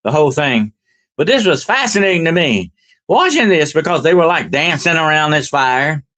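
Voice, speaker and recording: A man's voice: on the high side, big pitch swings, moderate pace, a bit bright, low-quality recording. An older man, a paranormal investigator, tells a story in a rambling, conversational way and keeps checking in with "okay?" and "you know".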